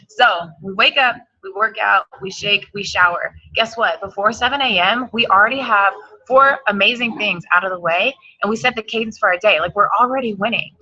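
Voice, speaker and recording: A woman's voice: medium pitch, pushed and bright, husky, muffled recording. A woman giving an emphatic, hyped motivational talk on a team call, repeating her points. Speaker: team coach.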